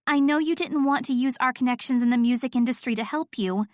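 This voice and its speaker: A woman's voice: high voice, a little fast, dry recording, studio quality, voice pushed up, natural voice. Woman narrator doing a bubbly squealing young fangirl. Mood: excited. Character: excitable gushing young woman friend, fangirl.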